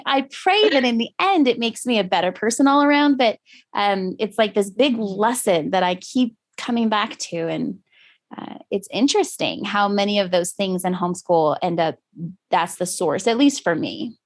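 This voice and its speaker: A woman's voice: a little high, lively intonation, moderate pace. A woman talking casually about homeschooling her daughter, reflective and laughing often. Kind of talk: casual conversation.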